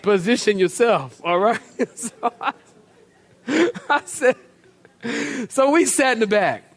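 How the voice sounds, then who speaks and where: A middle-aged male pastor preaching a storytelling sermon, animated and colloquial, with laughing asides and repeated words. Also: high-pitched, takes it slowly. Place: church.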